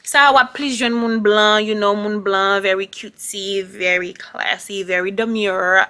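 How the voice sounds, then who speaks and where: Bright-voiced Haitian woman teaching casually. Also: medium pitch, fairly even intonation, a little slow, hardly any pauses. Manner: playful, chatty, switches between Creole and English. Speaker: vlogger. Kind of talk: casual language lesson.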